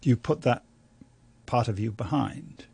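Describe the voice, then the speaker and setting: An older man, a journalist and writer from London, telling a family story in an interview at a measured, reflective pace. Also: mid-range voice, creaky, warm tone, husky. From London, England. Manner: measured, anecdotal, with small restarts and light laughs.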